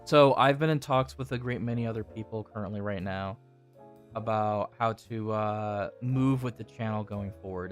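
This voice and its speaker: A man's voice: lowish voice, normal speed, faint music behind. Rambling, profane young man hosting. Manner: rambling, profane, restarts often. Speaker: channel host. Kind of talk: casual podcast chat.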